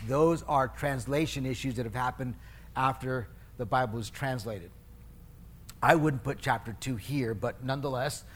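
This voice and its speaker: A man's voice: mid-range voice, a bit bright. A middle-aged male pastor preaching a sermon in a conversational, storytelling way, restarting phrases and poking fun at himself. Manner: conversational preaching, storytelling with self-mocking humor; restarts and self-corrections mid-phrase.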